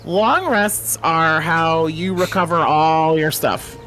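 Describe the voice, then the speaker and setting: A man's voice: fairly high pitch, takes it slowly, sharp tone, soft background music. A man hosting a casual game commentary, explaining the mechanics in a chatty way with many fillers. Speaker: host.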